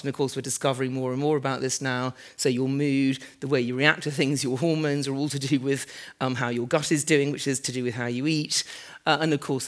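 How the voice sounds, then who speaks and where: A woman architect and author giving a live, conversational lecture in a large converted warehouse, chatty and self-deprecating with frequent "um"s and asides. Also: rumbling low. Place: large former fruit warehouse event space.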